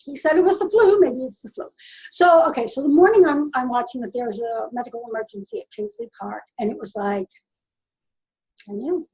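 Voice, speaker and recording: A woman with a high voice tells a personal story in a relaxed, conversational way. She sounds earnest and halting, and often stops to restart her sentences. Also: low-quality recording. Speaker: vlogger.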